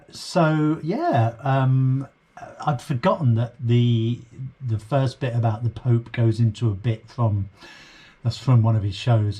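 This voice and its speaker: A man's voice: medium pitch, dark tone, breathy edge. Hesitant British man reacting casually. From Britain. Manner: hesitant, full of ums and trailing asides. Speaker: reaction video host. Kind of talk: casual chat.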